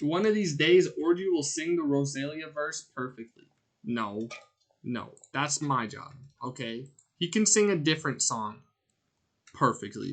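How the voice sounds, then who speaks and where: A man streaming a game, chatting casually and rambling in a jokey way, with sudden loud outbursts as he answers his chat. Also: a little high. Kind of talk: casual gameplay commentary.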